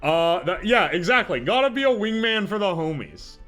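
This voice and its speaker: A man streaming live, chatting casually and reacting out loud, often breaking into laughter. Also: high-pitched.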